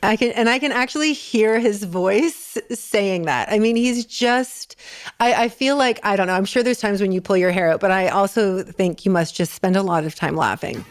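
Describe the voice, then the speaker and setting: A woman hosting a podcast in an easy, conversational way. She is eager and affirming and often jumps in with quick reactions. Her voice sits in a middle pitch. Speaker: podcast host. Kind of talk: casual interview chat.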